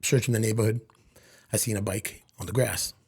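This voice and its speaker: A middle-aged man from Lawrence, Massachusetts, telling stories from his childhood as a podcast guest and acting out quick bits of back-and-forth dialogue. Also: lowish voice, steady tone, darkish tone, slightly rough. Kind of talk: storytelling in casual conversation.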